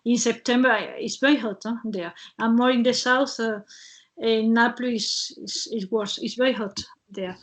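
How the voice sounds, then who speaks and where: A woman hosts a casual online webinar over a video call. Her voice sits fairly high, and her speech comes in halting bits with many fillers and restarts. She laughs often between phrases. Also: steady tone. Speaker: webinar host.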